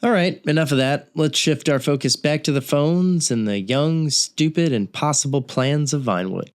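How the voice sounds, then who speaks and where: An actor playing a broke, self-deprecating late-night radio host who laughs at himself. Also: male voice, a little high, moderate pace, clear, resonant tone, close to an everyday voice.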